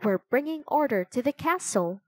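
A woman's voice: high-pitched, lively intonation, moderate pace, a little mellow, dry recording, voice pushed up. A woman doing an earnest young boy. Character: eager young boy helper.

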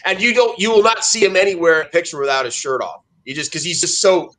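A man with a slightly raised pitch chats loosely on a podcast. He rambles, restarts his sentences and tells stories with animation. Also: fast, pushed and bright, a little hiss or hum. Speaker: podcast guest. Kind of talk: casual podcast chat.

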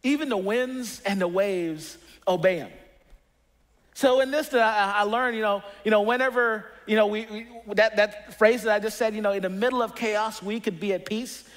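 Man, pastor, high-pitched, earnest sermon, conversational, frequent restarts. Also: fairly even intonation, fairly quick, few pauses, a bit bright.

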